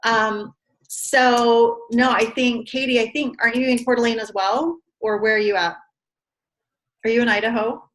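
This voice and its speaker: A woman's voice: on the high side, fairly even intonation, a bit bright, poor audio. Encouraging woman leading a team call. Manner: encouraging, asks questions, quick asides. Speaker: team leader hosting a training call. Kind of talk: interviewing, coaching.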